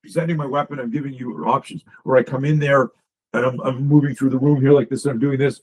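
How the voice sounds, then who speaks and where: A man's voice: mid-range voice, steady tone, fast, a little mellow, poor audio. A man, a self-defense coach, talking as a guest in a casual podcast conversation, emphatic and profane, piling up stories and restarting sentences.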